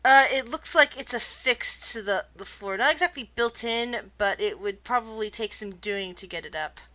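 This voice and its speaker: A woman's voice: a little high, normal speed, pushed and bright. A woman narrating as game master of a tabletop game, chatty and loose, with lots of fillers.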